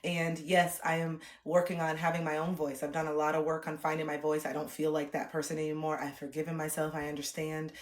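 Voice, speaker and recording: A woman streamer telling personal stories frankly, swearing, dropping to hushed reflection and then bursting into loud laughing re-enactments. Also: low-pitched, monotone, a little fast, few pauses. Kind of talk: candid personal storytelling. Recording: echoey room.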